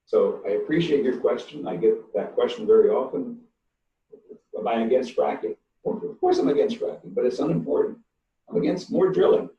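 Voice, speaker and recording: An older man answers questions in an online webinar, blunt and emphatic, and he leans slowly on the words he wants to stress. His voice is dark and mellow. It sounds distant and roomy over a dull, lo-fi call line. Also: medium pitch. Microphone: computer mic on a video call.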